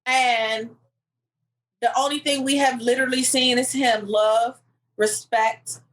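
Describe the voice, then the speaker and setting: A woman's voice: a little high, slow, poor audio. A woman co-hosting a podcast in casual chat, animatedly retelling what others said. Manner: animated storyteller, retells clips with quoted voices. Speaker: podcast co-host.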